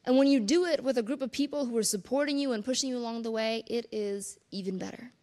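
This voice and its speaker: A woman's voice: fairly high pitch, quick pace, a little mellow. A woman giving a conference keynote in an earnest, conversational way, with casual asides to the audience. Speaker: conference speaker. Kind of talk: keynote talk.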